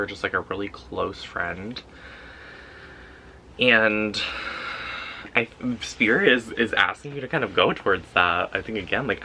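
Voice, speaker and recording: A man talking through a tarot reading in a relaxed, intuitive way, with lots of "like" fillers. His voice sits a bit low but has a bright, tense edge. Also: slight background noise, rough recording. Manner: loose and intuitive, heavy use of "like" fillers. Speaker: tarot reader. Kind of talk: casual pick-a-card tarot reading.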